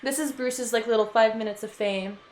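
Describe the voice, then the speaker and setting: A woman's voice: fairly high pitch, fairly even intonation, moderate pace, darkish tone. A woman streaming a game, chatting casually with viewers, giggly and chatty, who coos baby talk at her cat. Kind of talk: casual gaming livestream chat.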